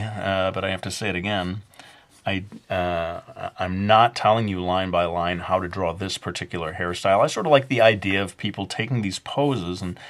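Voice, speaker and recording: A man's voice: deep voice, a bit bright. A man narrating a casual drawing tutorial in a jokingly put-on Brooklyn accent, rambling and self-mocking as he draws. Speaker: drawing instructor.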